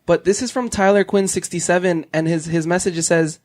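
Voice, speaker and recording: A man's voice: high-pitched, steady tone, fairly quick, a little mellow. A man hosting a casual podcast chat who laughs often between his phrases. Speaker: podcast host.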